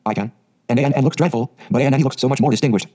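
A man's voice: mid-range voice, very fast, warm tone, breathy edge, lightly acted. A man voicing an eager, talkative orphan girl of eleven who speaks in dreamy, dramatic phrases.

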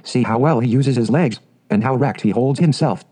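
A man voicing a fretful, prim mother duck in a storybook reading, with a mellow voice. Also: medium pitch, brisk, husky, close to an everyday voice. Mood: instructive. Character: fussy proud mother duck.

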